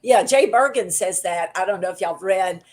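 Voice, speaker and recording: A woman's voice: mid-range voice, normal speed. A woman, a guest author telling stories expressively in a podcast chat. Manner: expressive storyteller, acts out quotes. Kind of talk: casual podcast conversation.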